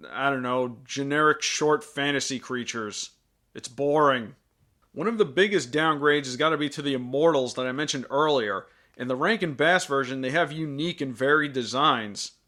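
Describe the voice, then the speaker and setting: A man's voice: medium pitch, pushed and bright. A man hosting a scripted film review with sarcastic, jokey asides.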